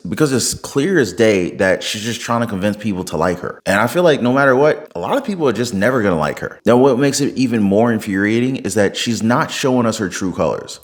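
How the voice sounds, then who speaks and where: A man giving casual political commentary to his viewers, chatty and direct. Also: lowish voice. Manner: chatty, addresses viewers as guys.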